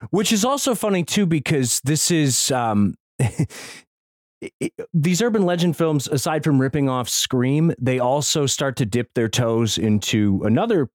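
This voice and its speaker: A man co-hosting a podcast in casual chat, excitable, swearing and laughing often. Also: medium pitch, a little slow, no echo, studio quality. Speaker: podcast co-host.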